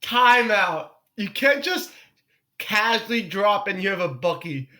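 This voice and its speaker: A young male comedian chats on a podcast in a high, bright voice. He tells stories with lots of energy, swears freely and acts out the other people in them. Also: measured pace. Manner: animated storyteller, swears freely, acts out quotes. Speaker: comedian guest. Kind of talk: casual podcast chat.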